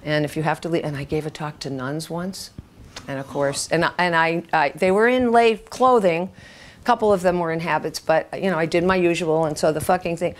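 A woman in her seventies who teaches writing tells candid stories to an audience, swearing freely and acting out the voices of the people in them. Her voice is lowish and steady in tone, and she speaks at a normal speed.

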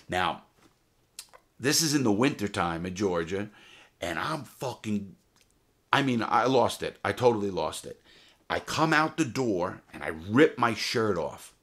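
A former jewel thief telling his prison stories in a casual, profane, animated way, full of restarts. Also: deep voice, normal speed. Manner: profane, animated, heated retelling with many restarts. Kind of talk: casual storytelling to camera.

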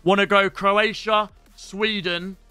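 A young man, giving excitable, sweary live-stream commentary to his chat while opening packs. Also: high voice, slow pace, clean tone, dry recording, soft background music. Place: home streaming setup.

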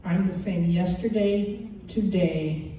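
A woman voicing God, speaking slowly and solemnly, in an echoey hall heard from a distance. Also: warm tone, slight background noise. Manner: slow, low and measured.

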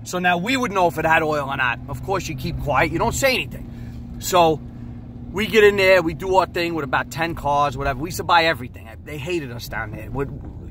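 Man, car-business storyteller, high bright voice, casual and profane, gets loud. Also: brisk, a little hiss or hum. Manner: animated, profane, bursts into loud acted quotes.

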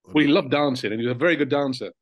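An older man, a former footballer, recounting memories in a relaxed, reflective way with fillers and soft laughs. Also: medium pitch, rapid-fire, no echo. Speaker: interview guest, former footballer. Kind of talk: casual reminiscing interview.

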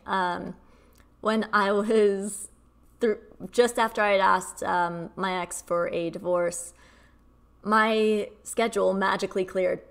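A woman's voice: on the low side, vocal fry. A young adult woman giving a casual spiritual teaching to camera, chatty with frequent fillers. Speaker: spiritual healing coach.

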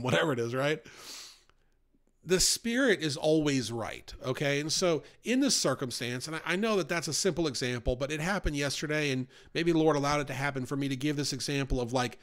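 A man in his 40s from New York leads a casual Bible study in a chatty way, often checking in with "right?" and "you know?". His voice is fairly high-pitched, a little fast, and a bit bright.

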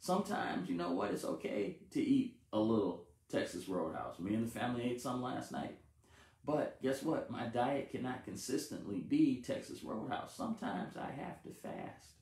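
A man's voice: medium pitch, animated, moderate pace, darkish tone, echoey room. A married man preaching a sermon, repeating phrases with emphasis and stumbling over words now and then. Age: adult, married with family. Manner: repetitive, emphatic call-and-response preaching with stumbles.

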